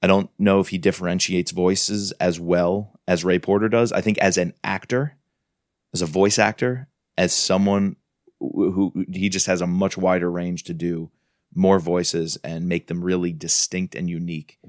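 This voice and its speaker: Deep-voiced man gushing over a book. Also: flat delivery, moderate pace, no echo, studio quality. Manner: enthusiastic, reads quotes aloud. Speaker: podcast co-host. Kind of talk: casual book review chat.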